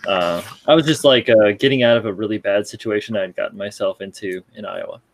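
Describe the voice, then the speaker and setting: A man's voice: lowish voice, brisk, dry recording. A man talking in a casual group chat, joking and swearing freely. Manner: lively, jokey, swears freely. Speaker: guest.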